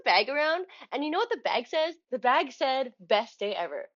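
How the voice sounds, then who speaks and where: A young woman vlogging, telling a story in a chatty, animated way and acting out the dialogue. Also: fairly high pitch, a little fast, few pauses, highs cut off. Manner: chatty, animated retelling with quoted dialogue and laughs. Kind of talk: casual storytelling vlog.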